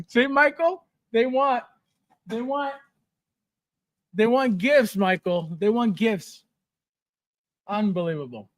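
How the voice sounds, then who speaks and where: A man's voice: high voice, lively intonation, slow pace, long pauses, no echo, studio quality. A man hosting a casual livestream, reading viewer comments aloud, laughing often and repeating words for comic effect. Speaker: livestream host.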